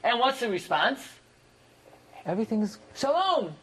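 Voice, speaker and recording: A man teaching a classroom Bible lesson, translating verse by verse and jumping up in pitch for emphasis. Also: measured pace, a little hiss or hum, poor audio. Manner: animated, rises sharply in pitch for emphasis. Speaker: Torah teacher.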